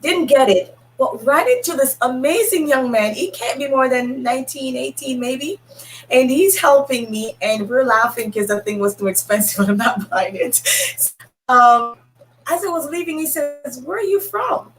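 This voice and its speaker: A woman's voice: high-pitched, expressive, moderate pace, a little hiss or hum, low-quality recording. Chatty woman hosting a panel. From Jamaica. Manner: chatty, storytelling with restarts. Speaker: host. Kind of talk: casual panel chat.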